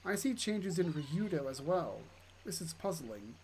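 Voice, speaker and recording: A player reading aloud for a calm, formal female automaton companion. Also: mid-range voice, unhurried, slight background noise, low-quality recording.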